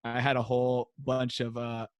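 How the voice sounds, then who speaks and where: An American man, a high school teacher, telling classroom stories in a casual interview and acting out the kids' voices. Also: moderate pace, no room sound. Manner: animated storyteller, acts out kids chanting. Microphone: wearing a mic.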